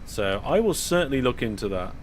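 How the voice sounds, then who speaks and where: A young British man talks through a live stream of a train simulator game. He chats easily with his viewers and fills his talk with ums, uhs and restarts. His voice sits at an everyday middle pitch for a man. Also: very animated, brisk, slight background noise. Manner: chatty, talks to viewers while playing, frequent fillers and restarts. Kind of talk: casual live-stream commentary.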